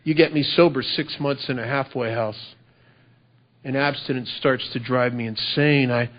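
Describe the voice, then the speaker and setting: A middle-aged man giving a personal recovery talk at a convention, halting and earnest, often repeating his words. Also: mid-range voice, steady tone. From United States. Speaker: recovery speaker. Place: convention hall. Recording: dull lo-fi convention recording.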